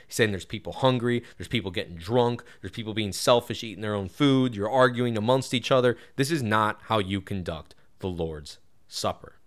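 A man who preaches at a Baptist church gives a casual, earnest Bible lesson. He grows louder and higher when stressing a point. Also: moderate pace. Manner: casual and earnest, with frequent "you know" fillers. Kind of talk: conversational Bible teaching.

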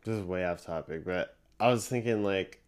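A man's voice: low voice, moderate pace, a little hiss or hum. A young man co-hosting a casual podcast, rambling with lots of fillers and casual swearing. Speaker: co-host.

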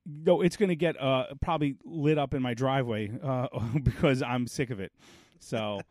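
A man's voice: medium pitch, moderate pace, darkish tone, no echo, studio quality. A man in his thirties, co-hosting a podcast in casual chat, telling a long story and acting out the other people's lines. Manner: storytelling, acts out quoted dialogue. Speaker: podcast co-host.

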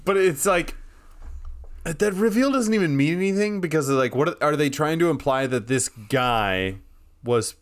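A man's voice: fairly high pitch, expressive, a little slow. Man musing in long run-on sentences. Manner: talks in long runs strung together with "like". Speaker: podcast co-host. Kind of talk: casual film discussion.

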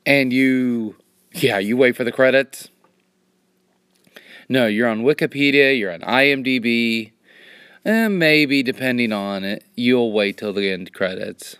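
A man hosting a devotional podcast, talking earnestly and jumping up in pitch on key words. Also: measured pace, fairly bright tone, clean tone, no room sound, studio quality. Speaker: podcast host.

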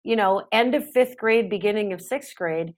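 Podcast guest: middle-aged woman, chatty and animated, mid-pitched voice. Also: moderate pace. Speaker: parenting expert guest. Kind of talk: podcast interview.

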